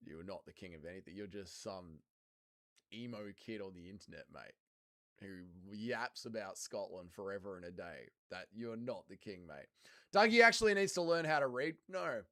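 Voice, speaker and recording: Australian male streamer, profane banter, crisp and sharp tone. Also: on the low side, expressive, moderate pace. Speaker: livestream host. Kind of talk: casual livestream chat, reading viewer comments.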